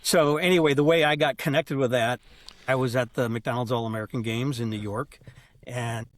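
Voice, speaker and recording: A man's voice: medium pitch, moderate pace. An older man, a sports executive guest on a podcast, telling anecdotes casually and acting out the back-and-forth of old conversations. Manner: animated anecdotal storyteller, acts out quoted exchanges. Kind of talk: casual storytelling interview.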